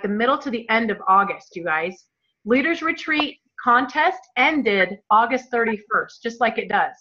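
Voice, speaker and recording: Woman on a team call, kinda high bright voice, gushing about her story, muffled sound. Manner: excited, gushing, talks straight to "you guys". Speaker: team leader. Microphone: phone or computer call.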